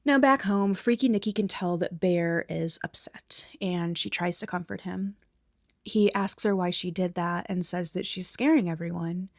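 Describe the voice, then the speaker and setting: Soft-spoken woman recapping a film in ASMR style. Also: on the low side, moderate pace, dry recording, studio quality. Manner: drifts between soft speech and whispering; casual, candid commentary with mild swearing. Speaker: movie recap host.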